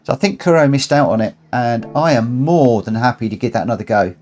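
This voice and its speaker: A man's voice: medium pitch, quick pace, darkish tone, soft background music. A man hosting a live racing stream from his room at home, chatting casually and reading out race results. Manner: chatty, friendly, reads results aloud. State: out of breath. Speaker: streamer hosting online races.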